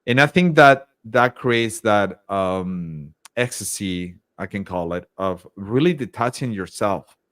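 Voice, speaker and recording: A man's voice: fairly low pitch, animated, takes it slowly, fairly bright tone, no echo. A man speaking as a leadership coach in a casual interview, upbeat, acting out his own thoughts as quotes.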